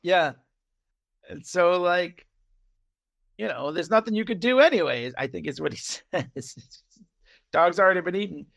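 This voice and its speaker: A man co-hosts a casual podcast, retelling a TV episode and jumping into loud voices for each character. His voice sits high with a gravelly fry and a bright, forceful edge. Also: unhurried, long pauses. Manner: animated, acts out lines in loud shifting voices. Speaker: podcast co-host. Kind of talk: casual chat recapping a TV episode.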